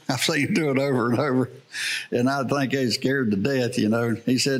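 A man's voice: mid-range voice, normal speed. A man preaching a sermon in church, telling folksy stories with a farmer's plain talk and frequent chuckles. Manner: folksy storytelling with laughs. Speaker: pastor.

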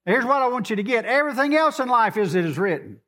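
A man preaching with a high voice and a drawl. He quotes scripture and talks to the congregation in a loose, conversational way. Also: fast, sharp tone. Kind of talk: sermon.

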